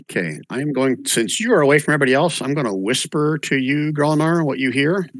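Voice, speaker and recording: A man's voice: fairly high pitch, fairly quick, a bit bright, dry recording. Man running a tabletop game, dry sound. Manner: loose, chatty narration with fillers. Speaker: game master.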